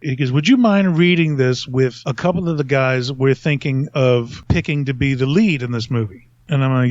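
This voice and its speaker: A man's voice: mid-range voice, moderate pace, hardly any pauses, darkish tone, dry recording, lo-fi sound. A man telling a long story in casual podcast chat, rambling and self-mocking, laughing often.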